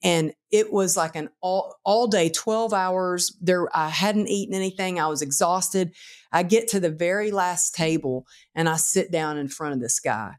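A woman guest author telling a personal story in casual conversation, animated and acting out the voices of people in it. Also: lowish voice, moderate pace. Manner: animated, acts out quotes in the story.

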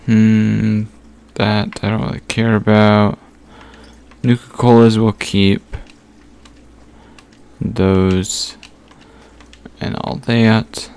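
A man giving casual gameplay commentary, thinking aloud as he sorts through items with frequent pauses and fillers. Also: lowish voice, little pitch movement, vocal fry, a little mellow, clear, resonant tone. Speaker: gaming channel host.

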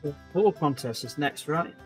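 Guy player, kinda high voice, asks stuff calmly, faint music behind. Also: moderate pace, husky, poor audio. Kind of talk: casual tabletop play.

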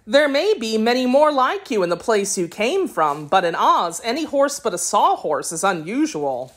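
A woman voicing a pert, pretty young female palace maid in a storybook, speaking brightly and politely. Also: fairly high pitch, big pitch swings, normal speed. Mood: helpful.

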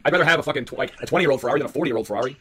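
A man's voice: mid-range voice, rapid-fire, a bit bright, a little hiss or hum. A man in his forties arguing in a voice chat, combative, profane and boastful. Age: 40s. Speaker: chat room participant. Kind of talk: heated voice chat argument.

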